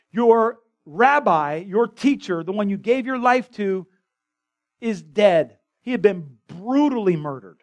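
A man preaching a conversational, impassioned sermon as pastor in a church. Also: sits high. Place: church sanctuary.

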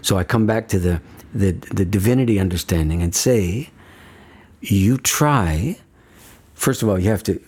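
Guy with a husky low voice, talking earnest and emphatic, keeps checking in with okay?. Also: unhurried, darkish tone. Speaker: guest speaker on death and dying. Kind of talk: reflective conversational talk.

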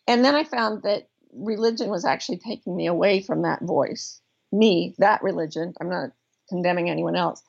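Middle-aged woman, life-coach guest, earnest reflective storyteller, gravelly edge, slightly dull recording. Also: lowish voice. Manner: earnest, thoughtful, with frequent restarts and slow emphasis.

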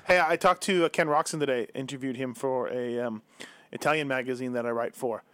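A man's voice: mid-range voice, a little fast, fairly bright tone, smooth, no echo. A man hosting a radio talk show, quizzing his guest with teasing banter. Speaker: show host.

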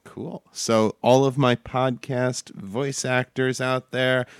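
A man's voice: mid-range voice, flat delivery, slow, clean tone, dry recording. A man hosting his own fiction podcast, thanking listeners with dry jokes. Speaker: podcast creator and host. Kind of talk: casual banter, thanking listeners.

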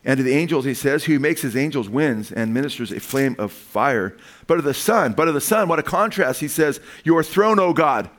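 A man preaching a sermon, animated, asking his listeners questions and acting out the lines he quotes. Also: medium pitch. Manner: animated, asks the congregation questions, acts out quotes.

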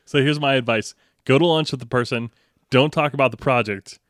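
A man's voice: mid-range voice, a little fast, a bit bright, no echo. Guy cohosting a tech podcast, cracks jokes, dead dry sound. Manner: joking, laughs often. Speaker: podcast co-host. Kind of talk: casual tech chat.

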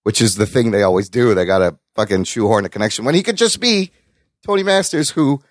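A man's voice: fairly low pitch, a little fast, dry recording, studio quality. A man co-hosting a podcast, chatting casually with plenty of swearing and reading out listener comments. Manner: animated, profane banter, reads listener comments. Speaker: podcast co-host. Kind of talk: casual chat.

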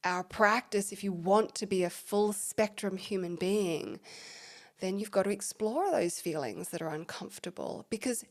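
Woman running intimacy workshops, podcast chat, expressive, goes soft and breathy sometimes. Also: mid-range voice, moderate pace. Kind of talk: podcast conversation.

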